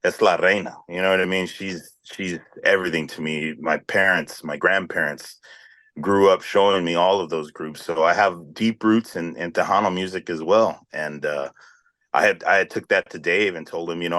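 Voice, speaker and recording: A man with a South Texas accent answers interview questions with a very deep voice. The sound is close and dry, with no room around it. He talks loosely, restarting phrases and checking in with the listener. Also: normal speed, no room sound. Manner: relaxed, rambling, frequent restarts and "you know what I mean". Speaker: band vocalist.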